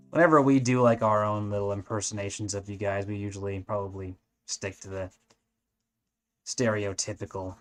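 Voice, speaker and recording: Rambling Californian guy. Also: fairly low pitch. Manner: rambling with many likes and restarts. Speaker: animation streamer. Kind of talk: casual chat while drawing.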